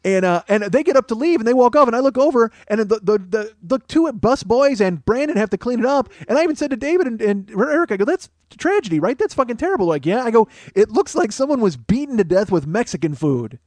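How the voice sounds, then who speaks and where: A man's voice: very high voice, very animated, fast talker, hardly any pauses, a little mellow, no echo. A man host telling a rambling, profane comedic story as a monologue.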